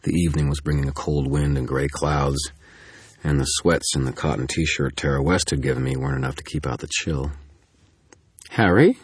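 A man giving steady, grim first-person audiobook narration. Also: a bass voice, fairly quick, slightly rough, no room sound, clean studio sound.

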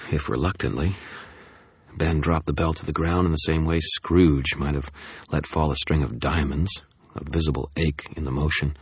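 A man reads a first-person audiobook in a wry, tense storytelling manner. His voice is extremely low with a husky grain. The recording is close and dry. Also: dry recording. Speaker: audiobook narrator.

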